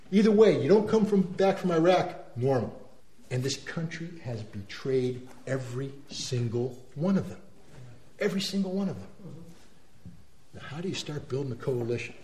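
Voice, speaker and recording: A man giving an animated talk to an audience, emphatic and quick to mimic the people he describes. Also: on the high side. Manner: animated, emphatic, repeats words, mimics others' voices. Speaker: speaker. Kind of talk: speech to an audience. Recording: roomy echo.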